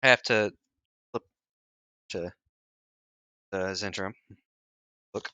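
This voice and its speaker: A man's voice: sits low, slow pace, sharp tone, clear, resonant tone, no room sound. A man running a tabletop game as game master, often restarting his phrases.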